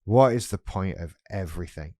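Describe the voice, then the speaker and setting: A man's voice: deep voice, moderate pace, dark tone, no echo, clean studio sound, lightly acted. A man voicing a brash, attention-hungry inner voice that insists on staying in the public eye.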